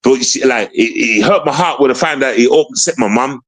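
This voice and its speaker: A man's voice: medium pitch, a little fast. A man telling a personal story in casual street slang, emphatic and repetitive, often checking that the listener understands. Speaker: guest telling his story.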